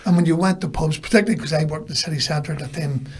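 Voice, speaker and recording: A man's voice: on the high side, rapid-fire, breathy edge. A man with a Northern Irish accent, a podcast guest telling casual stories and acting out the lines people said to him. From Belfast, Northern Ireland. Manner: anecdotal, acts out quoted lines. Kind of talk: casual storytelling.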